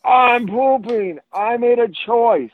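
A man imitating his defiant four-year-old son in a higher, slow, sing-song voice. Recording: tinny phone-like line, dry.

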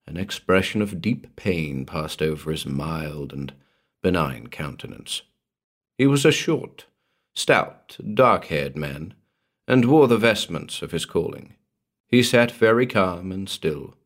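A man reading a vintage horror tale aloud as a podcast narrator, measured and dramatic. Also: sits low. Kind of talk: scripted horror story narration.

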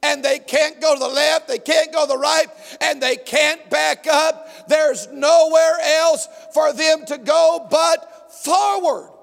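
A male pastor preaching an emphatic sermon, often shouting and calling on the congregation to respond. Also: extremely high pitch, fairly even intonation, slow, gravelly, hardly any pauses, in a large hall.

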